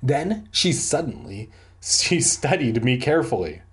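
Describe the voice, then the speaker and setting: A man's voice: medium pitch, big pitch swings, measured pace, slightly rough. A man from San Diego reading a book aloud for comedy, breaking off into rambling, joking asides. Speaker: reader and comedian.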